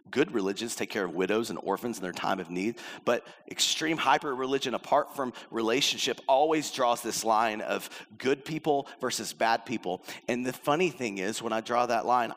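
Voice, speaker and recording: A man's voice: medium pitch, fairly bright tone. Middle-aged male pastor, casual storytelling sermon, acts out quotes, long hall reverb. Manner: conversational preaching, acts out quotes.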